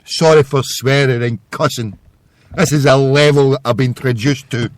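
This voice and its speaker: A Scottish man hosting a live internet radio show, swearing profusely and swinging between yelling and forced calm. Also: mid-range voice, normal speed. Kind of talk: live call-in show rant.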